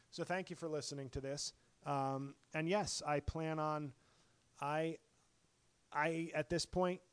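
A middle-aged male comedian with a hoarse, worn voice, talking in a profane, passionate solo podcast rant full of restarts. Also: fairly high pitch, no room sound. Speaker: stand-up comedian and podcast host. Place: apartment.

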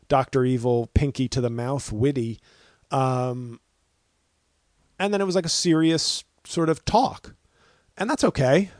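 A man's voice: medium pitch, dry recording. A man hosting his own podcast, a comedian who works through his opinions in a loose, rambling monologue and keeps doubling back on his words. His voice sits in a middle register. It is recorded close and dry, with almost no room sound. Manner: opinionated, rambling with many restarts and fillers.

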